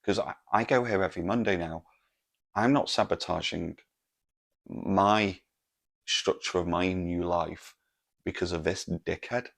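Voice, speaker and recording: Deep gravelly man ranting with heavy swearing. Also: a little slow, long pauses, a bit bright. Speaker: podcast host. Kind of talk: solo comedic podcast rant.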